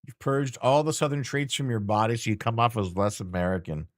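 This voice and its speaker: A man's voice: medium pitch, animated, fairly quick, no room sound, clean studio sound. A man streamer chatting casually and teasingly with his chat while playing a game, rambling and joking.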